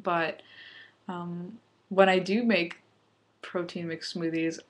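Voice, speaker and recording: A young woman with a somewhat low voice talks through a smoothie recipe in a relaxed home vlog. She chats loosely, laughs often and sometimes eats while speaking. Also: slow. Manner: chatty, laughs often, talks with mouth full. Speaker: vlogger.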